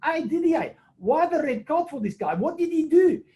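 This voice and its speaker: A man's voice: very high voice, big pitch swings, normal speed, warm tone, pitched above the performer's own voice. A man voicing an indignant South African rugby touch judge with a South African accent, in a told anecdote. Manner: demanding, questioning.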